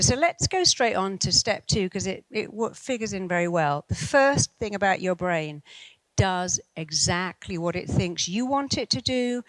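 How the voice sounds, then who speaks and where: A woman in her fifties gives a motivational talk as a hypnotherapist, mid-pitched and animated. She tells stories and acts out the voices of the people in them. The recording is close and dry. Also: dry recording, rough recording. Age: 50s. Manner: animated storyteller acting out quoted voices. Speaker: hypnotherapist and speaker.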